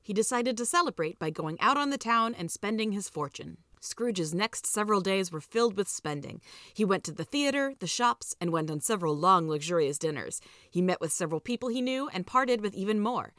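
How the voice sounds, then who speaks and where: A woman narrating a storybook tale in a measured, even way. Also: medium pitch, dry recording, studio quality. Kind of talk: storybook reading.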